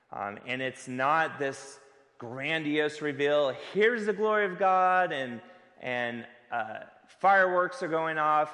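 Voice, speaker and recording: A man's voice: mid-range voice, a bit bright. A man preaching a sermon as pastor, earnest and conversational, with rhetorical questions to the congregation. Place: church sanctuary. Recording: long hall reverb.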